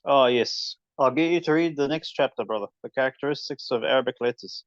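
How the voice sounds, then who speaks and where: A man's voice: medium pitch, brisk, no echo, dull audio. A man teaching a casual recitation lesson, demonstrating letter sounds aloud as he explains. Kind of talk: informal tajweed lesson.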